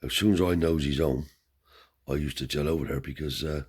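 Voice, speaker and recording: A man's voice: very deep voice, fairly even intonation, brisk, a little mellow, slightly rough. A man telling a family story in a rambling, casual way, slipping in Romani cant words and tag questions. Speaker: storyteller and channel host.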